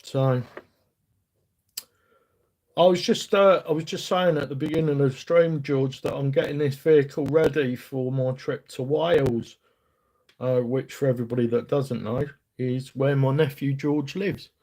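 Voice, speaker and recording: A man's voice: medium pitch, fairly even intonation, unhurried, darkish tone. A middle-aged man with a London accent chatting casually to his live-stream viewers as he works at a bench, rambling and self-deprecating. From England. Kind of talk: casual live-stream chat while working on a workbench.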